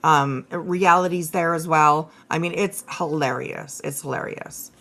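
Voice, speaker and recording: A woman's voice: deep voice, measured pace, fairly bright tone. A woman hosting a casual livestream, talking straight to her viewers in a blunt, profane rant full of restarts. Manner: many fillers and restarts, talks to chat. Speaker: livestream host.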